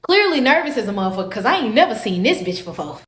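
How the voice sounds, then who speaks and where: A woman, telling a story in a dramatic, profane, animated way. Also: fairly high pitch, fast, echoey room. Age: 20s. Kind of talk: casual storytime.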